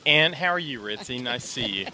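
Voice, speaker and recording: Bright-voiced male host outdoors. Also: medium pitch, animated, a little fast, vocal fry, slight background noise. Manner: conversational, leading questions. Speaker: show host. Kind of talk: on-the-street interview.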